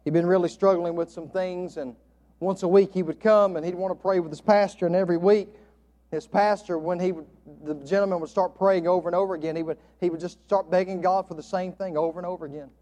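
A man preaching a sermon from the pulpit, quoting old scripture and swinging from loud emphatic lines to soft, hushed ones. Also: high voice, fairly even intonation, fast talker, lo-fi sound. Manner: quotes King James scripture. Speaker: pastor.

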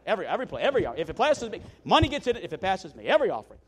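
A man's voice: a little high, sing-song, very fast, voice pushed down. A man imitating an 85-year-old preacher who repeats each phrase two or three times, done as an impression inside a sermon story. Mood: earnest.

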